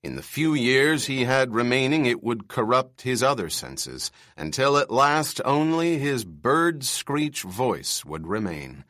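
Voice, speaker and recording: A man giving a measured, expressive audiobook narration of a novel. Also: mid-range voice, no room sound, clean studio sound.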